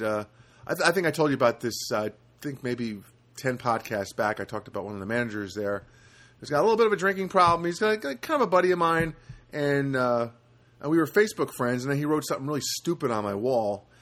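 A man's voice: mid-range voice, a bit bright. A man hosting a solo podcast, talking casually and rambling, with lots of fillers and restarts. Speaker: podcast host.

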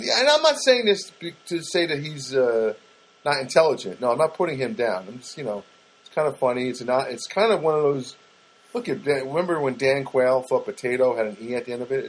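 Here the audio is poor, and the man's voice sits at a medium pitch. As a podcast host, he addresses listeners directly, chatting through a meandering, informal tale with plenty of fillers and false starts.

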